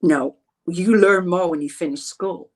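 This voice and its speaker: A woman's voice: fairly low pitch, unhurried. A middle-aged woman in an interview, telling a personal story in an earnest, rambling way and often repeating herself.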